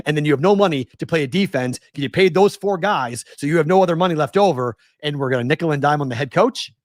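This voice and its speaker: A West Coast man in his forties, hosting a sports betting talk show, speaks at a quick pace in a slightly high voice. Exasperated rhetorical questions drive his rant, and the clean studio audio has no echo.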